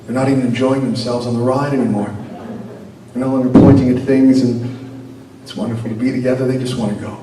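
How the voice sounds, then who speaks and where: A rabbi telling a teaching story in an animated way, with a few Yiddish words mixed in. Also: male voice, medium pitch, quick pace. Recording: very echoey room, distant mic, noisy.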